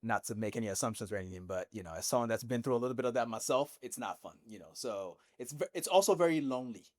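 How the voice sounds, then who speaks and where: A man's voice: mid-range voice, expressive, fast talker, darkish tone, dry recording. A man talks through a football match on a casual podcast, cracking jokes and swearing freely as he goes. His voice sits in a middle range and sounds dry and close. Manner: profane, jokey, recaps match moments. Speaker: podcast host.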